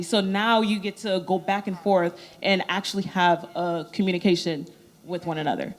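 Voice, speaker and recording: A woman speaking as a panelist in a church discussion, lively, acting out bits of dialogue as she explains. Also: on the low side, normal speed.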